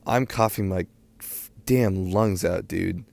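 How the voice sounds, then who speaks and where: A teenage boy telling a casual story in a rambling way, full of fillers and quick bursts of speech. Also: sits low, gravelly, a little mellow, dry recording. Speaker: storytime vlogger.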